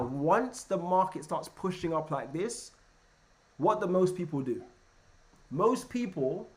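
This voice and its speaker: A man teaching a live online trading lesson in an energetic way, often checking in with his listeners and repeating words as he goes. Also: a little high. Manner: energetic, keeps checking in with "right?". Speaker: trading coach.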